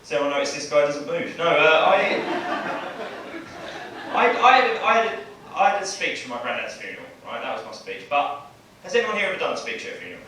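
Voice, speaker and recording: A young male stand-up comic with a slightly high voice, chatting to a crowd and ending lines with "right?". The sound is very roomy and picked up from a distance in a small club, with a noisy room and laughter behind him. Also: very animated, fairly quick. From Bexley, southeast London. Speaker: stand-up comedian. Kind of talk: stand-up set. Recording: roomy club audio from far off. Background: audience laughter.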